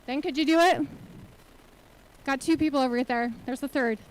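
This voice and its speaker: A nonprofit leader with a high voice stands at a conference hall microphone giving a motivational keynote at normal speed. Earnestly, she throws one rhetorical question after another at listeners, urging them to commit. The recording quality is low.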